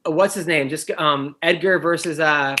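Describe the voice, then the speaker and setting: A man who coaches wrestling, co-hosting a casual podcast chat in a rambling way that gets animated when he is annoyed. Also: on the high side, unhurried, background noise. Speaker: podcast co-host.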